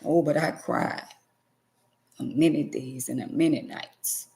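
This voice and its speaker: A woman's voice: sits low, measured pace, creaky, dark tone. A middle-aged woman vlogger giving an emotional personal testimony to her viewers, emphatic and preachy, repeating phrases for stress.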